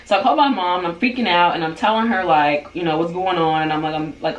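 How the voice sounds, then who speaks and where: A woman in her twenties telling a story in a casual vlog, animated and full of fillers. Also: lowish voice, fast talker, highs cut off. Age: 20s. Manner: animated, chatty, filler-heavy. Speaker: vlogger. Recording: roomy sound, far from the mic.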